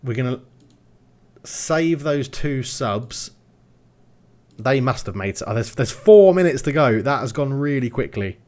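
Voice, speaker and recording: Excitable man commentating a football sim. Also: medium pitch, unhurried, pauses often. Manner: excitable, commentating on the match out loud. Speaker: gaming YouTuber. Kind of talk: let's play commentary.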